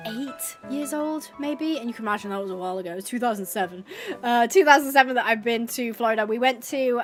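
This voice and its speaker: A woman's voice: on the high side, a bit bright. A woman in her twenties chatting casually while playing a game, bubbly and gushing, with lots of filler words. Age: 20s. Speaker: streamer. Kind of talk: casual chat while gaming.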